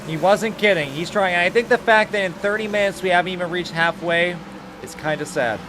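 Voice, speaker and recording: High-voiced, swearing man calling a sim race. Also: brisk. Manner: loose, swearing, rising to excited calls. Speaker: race commentator. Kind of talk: casual sim-racing commentary. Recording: noisy background.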